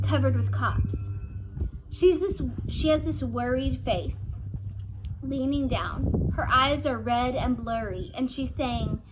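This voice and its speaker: High-voiced woman reading a novel aloud. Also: slow pace, background noise. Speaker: audiobook reader. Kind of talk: first-person novel read aloud.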